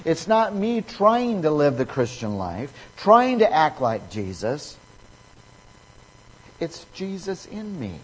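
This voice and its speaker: A man delivers a sermon in a slow, deliberate cadence, his voice slightly husky. He leans on repetition and emphasis to drive each point home. The sound rings out with the long reverb of a large hall. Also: sits high, darkish tone. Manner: emphatic, repeats key phrases. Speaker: preacher.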